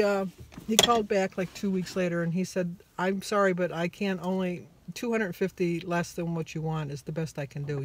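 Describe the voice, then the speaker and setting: In a casual, chatty weight-loss diary vlog, a woman with a fairly low voice tells stories with animation, acting out both sides of conversations. She stays upbeat and pokes fun at herself.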